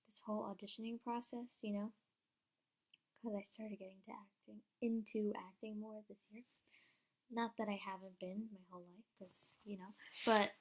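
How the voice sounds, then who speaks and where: A young woman vlogging at home into a camera, hyped up and rambling, with many "like" fillers. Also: medium pitch. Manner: excitable, rambling, fast-talking with many "like" fillers. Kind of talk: hyped-up casual vlog.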